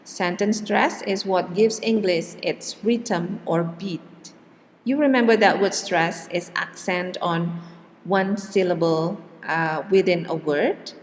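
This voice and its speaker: A woman teaching English pronunciation in a slow lecture, with many "okay" and "yeah" check-ins. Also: lowish voice. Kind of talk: classroom lecture. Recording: long hall reverb.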